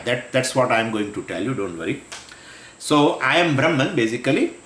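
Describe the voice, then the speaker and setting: A man's voice: fairly high pitch, fairly bright tone. Male Vedanta teacher lecturing in an echoey room. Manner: explanatory, repeats phrases, frequent fillers and restarts. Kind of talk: scriptural lecture.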